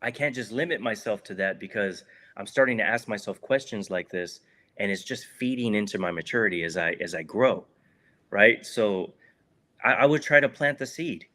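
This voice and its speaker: A man's voice: lowish voice, bright, forceful tone. A man giving a heartfelt, reflective answer as an interview guest, earnest and repeating words for emphasis. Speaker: guest, former prisoner.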